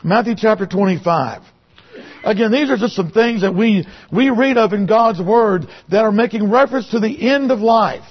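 A man's voice: high voice, moderate pace. A man preaching a sermon who reads scripture aloud, repeats phrases and presses his points with rhetorical questions. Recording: dull lo-fi recording.

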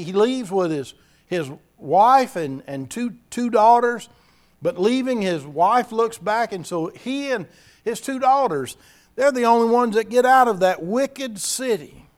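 A man preaching a sermon, earnest and repeating key phrases for emphasis. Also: high-pitched.

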